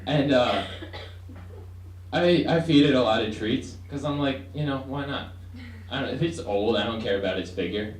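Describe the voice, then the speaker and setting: A man's voice: mid-range voice, normal speed. A young man doing a stand-up set, rambling and hesitant, acting out voices. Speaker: stand-up comedian. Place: student comedy room with audience. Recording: echoey room, far from mic, faint noise.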